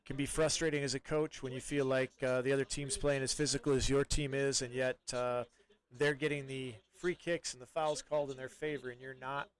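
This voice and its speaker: A man doing live play-by-play soccer commentary in a relaxed, chatty way, with many fillers and restarts. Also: mid-range voice, brisk.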